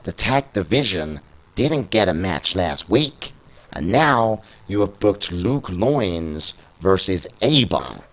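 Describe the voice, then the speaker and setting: A man's voice: low voice, big pitch swings, slow pace, exaggerated voice, poor audio. Indignant tag-team wrestler, as a British man reads him. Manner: complaining, indignant.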